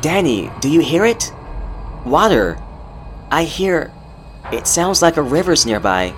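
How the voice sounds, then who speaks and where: A man's voice: fairly high pitch, sing-song, a little slow, pitched above the performer's own voice. A man voicing a furious young woman who snaps and hisses, over background music. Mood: urgent. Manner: snapping, fierce. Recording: music playing underneath.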